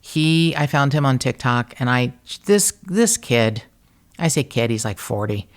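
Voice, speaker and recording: A middle-aged American woman, a podcast host, telling a story in a casual, animated, profane and self-mocking way. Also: rumbling low, measured pace.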